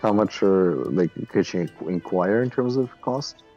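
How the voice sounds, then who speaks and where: A man's voice: low-pitched, expressive, moderate pace, dark tone, muffled recording, soft background music. A man playing in a tabletop game, talking casually and hesitantly with many fillers. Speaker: tabletop player.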